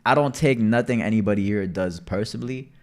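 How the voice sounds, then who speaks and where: A young man livestreaming casually, telling stories with heavy swearing, loud outbursts and reading out chat messages. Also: on the low side, brisk.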